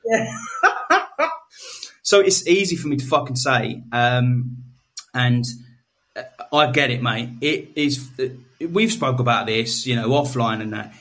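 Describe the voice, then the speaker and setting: A man's voice: medium pitch, expressive, slow pace, pauses often, a bit bright. A man co-hosting a podcast, supportive and sweary, calling his friend "mate" constantly. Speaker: podcast co-host. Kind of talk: casual banter.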